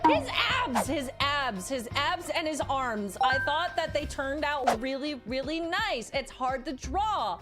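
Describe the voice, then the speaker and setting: A woman's voice: high-pitched, slow pace. A woman streaming casually as a VTuber, playful and teasing, flaring into mock outrage at her chat. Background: background music.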